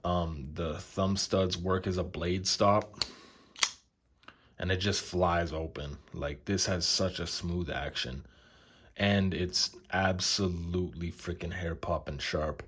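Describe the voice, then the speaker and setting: A young man casually showing his knife collection, relaxed and enthusiastic, with lots of fillers. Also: low-pitched, takes it slowly, husky. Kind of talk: casual show-and-tell.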